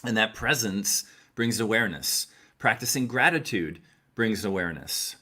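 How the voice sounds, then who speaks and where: Speaking directly to camera, a middle-aged man offers earnest advice, coaching his audience and driving home key phrases by repeating them. He has a bright, forceful voice on the low side, expressive and at a normal speed.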